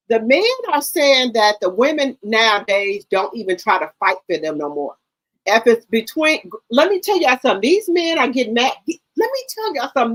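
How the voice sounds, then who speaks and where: An older woman with a drawl, talking sassy and blunt in casual gossip chat. She swears freely and repeats herself for emphasis, her voice sitting a touch high for a woman. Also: a bit bright, rough recording. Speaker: talk show host.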